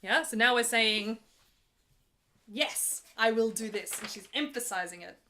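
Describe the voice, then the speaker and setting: A woman's voice: on the high side, unhurried, bright, forceful tone, slight background noise. A young woman opera singer talking casually from her apartment, explaining an aria between sung examples in a chatty, patient way with easy laughs.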